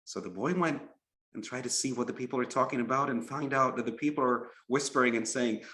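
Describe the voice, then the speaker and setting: A man narrating a moral story as a preacher, in an animated, repetitive storytelling manner. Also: medium pitch, quick pace. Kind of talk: storytelling sermon. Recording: roomy echo.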